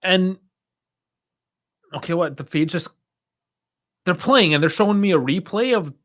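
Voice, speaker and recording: A young man hosts a football watch-along stream, casually commenting on the live match, sighing and laughing aloud and talking to his chat. His voice is high-pitched and a bit bright, with lively intonation at a measured pace.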